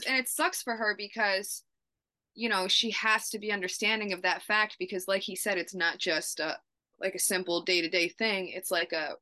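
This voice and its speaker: A woman's voice: fairly low pitch, pushed and bright, dry recording. A woman co-hosting a podcast, chatting casually about a TV episode with lots of "like" fillers. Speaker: podcast co-host. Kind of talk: casual TV episode recap chat.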